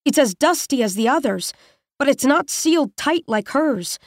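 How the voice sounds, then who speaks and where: Woman reading a creepy story in first person, fairly high voice, super dry close mic. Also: lively intonation, no echo. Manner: measured, tense, intimate telling. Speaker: narrator.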